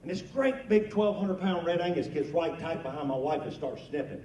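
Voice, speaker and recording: Older guy doing stand-up at a lunch, lively voice, roomy hall, kinda far off mic, faint hiss. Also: on the high side, fairly quick. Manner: folksy, rowdy, shouts during the punchlines. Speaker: comedian, lunch speaker. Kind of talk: storytelling stand-up. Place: banquet hall at a lunch event. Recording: roomy hall, miked from a distance, faint noise.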